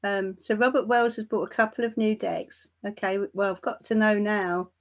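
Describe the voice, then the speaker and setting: A woman hosting a tarot live stream, chatting warmly and calling viewers darling and my love. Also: mid-range voice, fairly even intonation, moderate pace. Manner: laughs lightly between remarks. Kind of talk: casual livestream chat greeting viewers.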